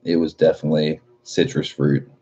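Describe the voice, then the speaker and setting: A young man in his late twenties with a very low voice talks through a livestream, reading chat and cursing freely in a relaxed way. The audio is dull and lo-fi. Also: fairly quick. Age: 20s. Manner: laid-back, swears a lot, laughs often.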